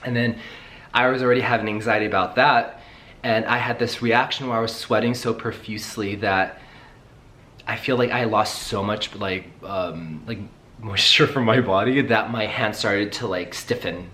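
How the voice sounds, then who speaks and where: A young man in casual vlog chat, rambling and excitable, swearing casually as he talks. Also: fairly low pitch, moderate pace. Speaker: travel vlogger.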